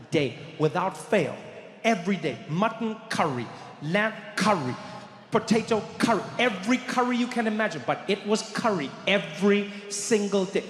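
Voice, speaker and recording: A man telling an animated stand-up story on a theater stage. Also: high-pitched, slight background noise. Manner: animated, acts out the voices of others. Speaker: stand-up comedian. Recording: echoey live theater hall.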